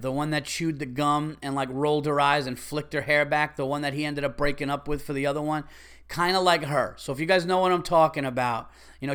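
A man, hosting a podcast and telling a story in an animated, exasperated way. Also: fairly high pitch. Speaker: podcast host. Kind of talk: casual storytelling monologue.

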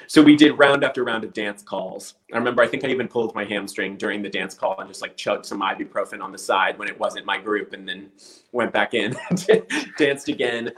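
Guy telling a story in casual chat, animated, does little voices for people. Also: fairly low pitch, brisk, rough recording. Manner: animated storyteller acting out quotes.

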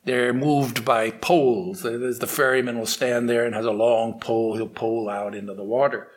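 A man telling a story aloud, unscripted, with restarts and slowed dramatic pacing. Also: medium pitch, little pitch movement. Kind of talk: oral storytelling.

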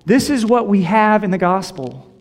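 A man's voice: sits high, expressive, normal speed. A middle-aged man preaching a sermon as a pastor, earnest and repeating key phrases for emphasis. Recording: long reverb of a large hall.

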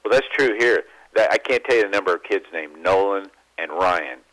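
A man guest on a sports radio talk show, telling animated baseball anecdotes and mimicking the people in them. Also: low-pitched, fairly quick. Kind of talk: phone-in radio interview, storytelling. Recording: phone line.

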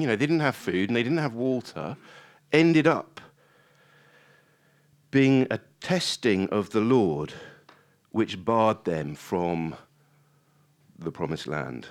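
A man preaching a sermon in a conversational way, acting out prayers with rising emphasis. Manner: animated, rising high when acting out prayers; conversational with restarts and asides.

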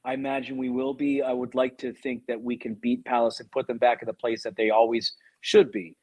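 A man talks through his football opinions at an even pace. His mid-range voice is a little husky, and the sound is dry and close. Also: medium pitch, brisk, dry recording. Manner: steady, opinionated analysis. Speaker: podcast co-host. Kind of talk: casual football chat.

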